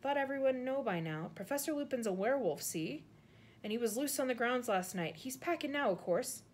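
Woman playing a big cheerful groundskeeper, hearty, high and lively, storybook. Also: a little fast. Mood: hushed. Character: huge jovial male groundskeeper, warm-hearted.

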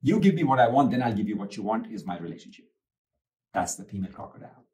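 A man hosting a talk, explaining life lessons in a lively, teacherly way with rhetorical questions. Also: lowish voice, quick pace. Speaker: host. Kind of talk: casual talk with storytelling. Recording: distant mic.

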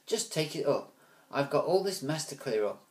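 A man's voice: fairly high pitch, expressive, normal speed, voice pushed up, close to an everyday voice. A man voicing a weary mother who fusses and grumbles about chores. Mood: grumbling. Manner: grumbling, fussing. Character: harried mother, weary and complaining.

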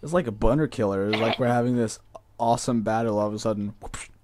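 A man casually commenting on his game, joking and teasing with crude deadpan humor. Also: lowish voice, fast talker, a little hiss or hum. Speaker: gamer playing on stream.

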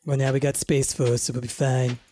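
A man's voice: medium pitch, level tone, a little fast, dark tone, slight background noise. A man chatting casually over gameplay, joking in a playful, mock-dramatic way. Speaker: gaming channel regular.

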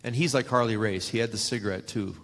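An older man, a former wrestler, telling lively anecdotes at a live fan Q&A and acting out the dialogue. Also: on the low side, fast, long reverb tail. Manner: animated anecdotes, acts out dialogue, laughs often.

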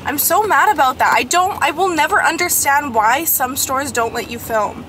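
A young woman vlogging while driving, excitable and chatty, a little sniffly and congested, peppering her talk with "like" and "oh my god". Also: sits high, normal speed, a little hiss or hum. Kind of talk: casual vlog chat. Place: in a car, driving.

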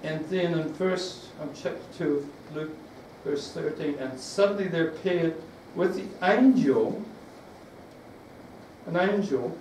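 New guy preaching, voice a bit high, keeps restarting and quizzing the crowd, roomy echo, faint hiss behind. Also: a little slow, darkish tone. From New Zealand. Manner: rambling, with restarts and questions to the congregation. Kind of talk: sermon. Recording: echoey room, from far off.

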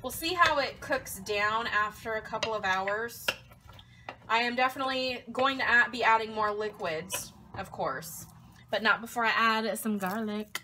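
A woman's voice: on the high side, measured pace, pushed and bright, slight background noise. A woman chatting playfully while cooking in her home kitchen, talking to her food as she goes. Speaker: cooking vlogger. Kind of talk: casual chat while cooking.

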